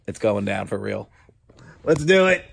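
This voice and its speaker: A man's voice: on the low side, sing-song, unhurried, gravelly, slight background noise. A man vlogging at home in a playful, goofy way, sometimes slipping into mock wrestling-promo bravado. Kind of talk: playful family vlog chat. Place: home basement room.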